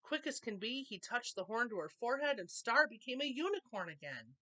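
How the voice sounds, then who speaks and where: A woman reading a children's picture book aloud with expressive, animated storytelling. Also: a little high, fairly quick. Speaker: storytime reader.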